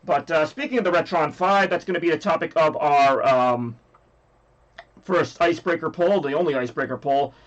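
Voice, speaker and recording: A man's voice: fairly high pitch, moderate pace, muffled recording. A man with a scratchy voice hosting a livestream, rambling casually and joking with chat. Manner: rambly, jokey, reads chat aloud. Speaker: livestream host.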